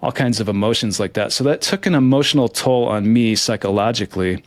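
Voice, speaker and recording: Earnest low-voiced man, dry sound. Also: fairly quick, no echo. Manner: earnest, hesitant, with many restarts and soft laughs. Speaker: interview guest, lottery winner. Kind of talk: candid reflective interview answers.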